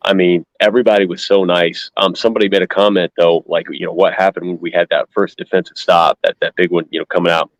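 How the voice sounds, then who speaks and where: A man's voice: deep voice, fairly even intonation, fast, few pauses, no echo, poor audio. A man speaking earnestly and gratefully in casual chat as a guest fan on a video call.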